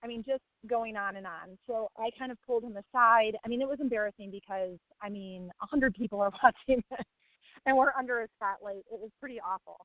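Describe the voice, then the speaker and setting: A woman's voice: fairly high pitch, fairly quick, no echo. A woman telling a story as a parent on a coaching call, talking casually and laughing often between her words. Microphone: phone. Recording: tinny phone line.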